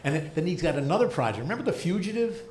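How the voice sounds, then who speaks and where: Older man doing deadpan stand-up in a roomy club. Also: a little high, very fast, crowd noise. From United States. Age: 70s. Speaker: stand-up comedian and rabbi. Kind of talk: stand-up comedy set. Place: comedy club stage. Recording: roomy live club sound.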